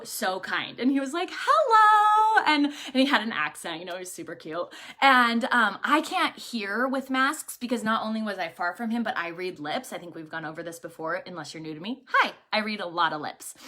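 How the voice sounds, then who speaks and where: A woman hosting a casual livestream and telling stories to her viewers in an animated, chatty way. She keeps asking her audience rhetorical questions and fills her talk with little fillers. Her voice sits slightly high and sounds very bright and forceful. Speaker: livestream host.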